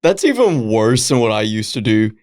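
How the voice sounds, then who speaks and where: A man's voice: medium pitch, very animated, moderate pace. A man co-hosting a podcast in casual film chat, laid-back and joking, laughing often. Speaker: podcast co-host.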